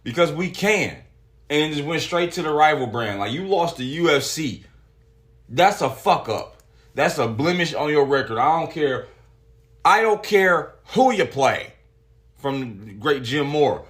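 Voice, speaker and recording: A man hosting a solo podcast, talking casually with lots of swearing and reading articles aloud in an animated way. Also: fairly high pitch, a little slow. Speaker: podcast host.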